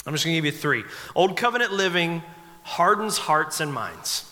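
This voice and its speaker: A pastor in his forties delivers a sermon in a high, bright voice. He tells humorous stories in a chatty, relaxed way. His voice rings out with a long reverb in a church sanctuary. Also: moderate pace. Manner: conversational, humorous storytelling.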